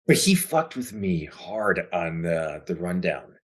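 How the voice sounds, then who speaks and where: A man's voice: deep voice, sing-song, slow pace. A man who is an actor, a guest on a podcast, telling rambling, laid-back anecdotes in casual chat. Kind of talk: casual storytelling.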